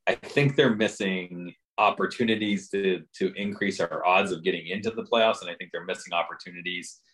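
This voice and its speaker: A man with a somewhat low voice talks through a hockey-fan podcast segment in loose, casual conversation. He circles back on his thoughts, peppering them with "you know" and "right". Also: normal speed, fairly bright tone. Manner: conversational, many fillers and restarts. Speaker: podcast co-host. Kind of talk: casual sports chat.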